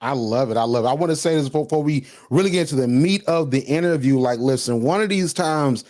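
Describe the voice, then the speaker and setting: A man hosting an interview with enthusiastic, playful slang and quick interjections. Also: mid-range voice, a little mellow. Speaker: podcast host. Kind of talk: casual interview chat.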